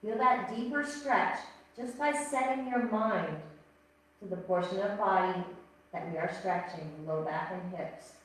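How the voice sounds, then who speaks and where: A woman teaching a yoga class, giving calm, gently paced cues and counting breaths. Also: mid-range voice, unhurried. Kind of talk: guided yoga instruction. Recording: echoey room, voice from a distance.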